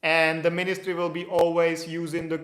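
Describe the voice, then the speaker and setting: A man's voice: a little high, monotone, moderate pace, fairly bright tone, reverberant. A man answering viewer questions in a casual, loose explanatory way, with restarts. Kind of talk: casual Q&A livestream.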